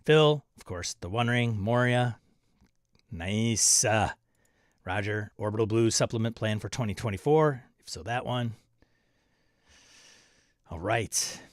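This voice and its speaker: Guy hosting a tabletop rpg stream, reading chat out loud and joking, dry close sound. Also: lowish voice, animated, takes it slowly, long pauses, no room sound. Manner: chatty, reads viewer comments aloud and jokes around. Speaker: livestream host reading chat. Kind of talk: casual chat.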